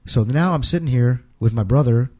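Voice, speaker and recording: This middle-aged man, a guest on an interview, relates a personal and emotional tale in fits and starts, repeating words and dramatizing what was said. His mid-range voice has a mellow quality.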